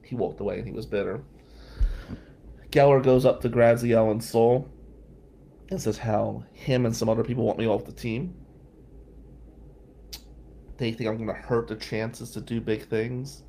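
A male podcast host telling a personal story in an animated way, swearing freely and loudly acting out what others said. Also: medium pitch, a little slow, creaky, pauses often, slight background noise.

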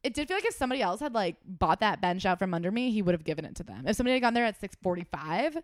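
A young woman co-hosting a podcast, telling an animated story with swearing and acted-out dialogue. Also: medium pitch, rapid-fire, dry recording, studio quality. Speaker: podcast co-host. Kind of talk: casual chat.

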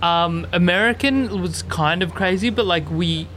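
A man's voice: sits high, slight background noise. A man with an Australian accent, a comedian guest chatting casually, hesitant and full of fillers. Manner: relaxed, hesitant, full of fillers and quick agreements. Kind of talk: casual chat.

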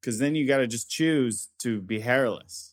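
A man, a comedian guest on a podcast, musing deadpan and tossing out crude jokes. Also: medium pitch, normal speed. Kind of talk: casual comedic chat.

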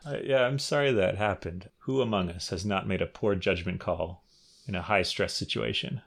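A man's voice: sits low, normal speed, vocal fry, no echo, studio quality. A man co-hosting a podcast, chatting casually in a wry, understated way and reading out a listener question. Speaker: podcast co-host. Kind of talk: casual chat.

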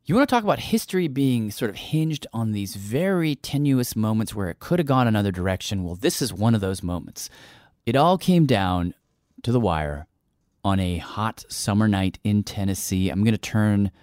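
A man hosts a radio show in a fairly low voice, thinking aloud with little fillers and restarts. The sound is dry and close to the mic, with no room around it. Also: animated, no room sound. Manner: warm, halting with fillers and restarts. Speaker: host. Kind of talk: radio show hosting, conversational.

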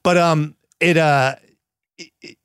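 A man's voice: a little high, steady tone, slow, fairly bright tone, clean tone, no room sound, studio quality. An American man co-hosting a podcast, rambling in casual chat, swearing freely and slipping into playful mock accents. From United States. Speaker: podcast co-host.

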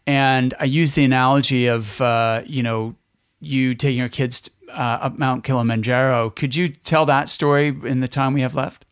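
A man hosting a podcast, asking a guest a question with a measured lead-in. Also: mid-range voice, fairly even intonation, smooth. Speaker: podcast host, recruiting coach. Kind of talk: interviewing.

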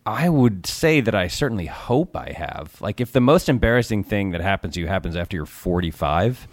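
Deep-voiced man telling long stories. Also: expressive, a little fast, no room sound. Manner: long rambling storytelling. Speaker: podcast guest, TV producer. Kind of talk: casual podcast chat.

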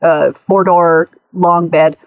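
A woman co-hosting a casual chat show, telling her own road story and chiming in with quick agreement. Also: fairly low pitch, steady tone, a little mellow, dry recording, muffled recording. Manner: chatty, quick back-and-forth agreement. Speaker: podcast co-host.

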